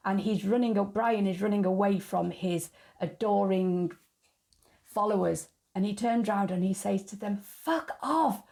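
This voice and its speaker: A woman's voice: mid-range voice, fairly even intonation, moderate pace, gravelly, warm tone. A woman hosting her own channel, talking frankly in a chatty opinion monologue and laughing at her own jokes. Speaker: YouTube channel host.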